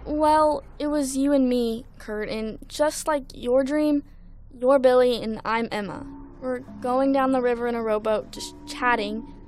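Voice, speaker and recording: A woman's voice: sits high, measured pace, a little mellow, faint music behind. An actress playing a teenage girl shaken by a nightmare, talking in an uneasy, worried way. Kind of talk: audio drama acting.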